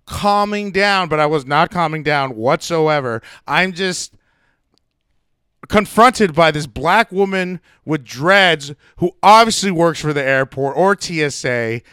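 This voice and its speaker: A man's voice: on the high side, animated, a little slow, sharp tone, clean tone, no room sound, clean studio sound. A young man telling a personal story in a heated, profane, ranting way. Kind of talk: casual storytelling.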